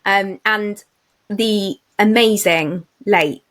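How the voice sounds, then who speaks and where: This podcast co-host talks very slowly, her mid-range voice slightly bright. She's a woman chatting in a relaxed, excited way, dropping in lots of fillers and starting over often.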